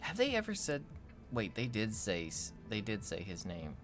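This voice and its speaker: A man's voice: lowish voice, wildly swooping pitch, normal speed, soft background music. A man co-hosting a gaming livestream, chatting casually and rambling playfully. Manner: rambling, playful, fond of mock pronunciations. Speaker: livestream co-host. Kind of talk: casual gaming stream chat.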